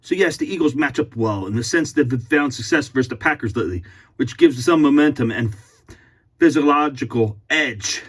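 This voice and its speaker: A man's voice: medium pitch, moderate pace, husky. A man giving a mocking, profane sports-fan rant and laughing at himself. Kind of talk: ranting fan commentary.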